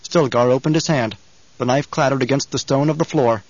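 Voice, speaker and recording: A man reading an audiobook in measured, even scripted narration, on a dull lo-fi recording. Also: medium pitch, no echo.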